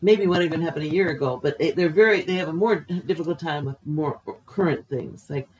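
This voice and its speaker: A man's voice: on the high side, brisk, rough recording. A man co-hosting a podcast in casual chat who teases and laughs easily, then gives earnest advice.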